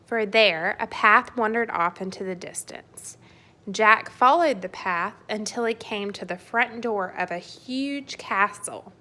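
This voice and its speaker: A woman reading a children's storybook aloud with expressive, playful narration. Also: medium pitch.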